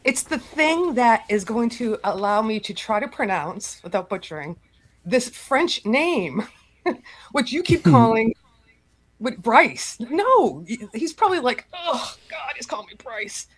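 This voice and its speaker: Woman co-host, chatty and giggly, swings her pitch up and down a lot. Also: unhurried. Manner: laughs often, lively. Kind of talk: casual panel chat.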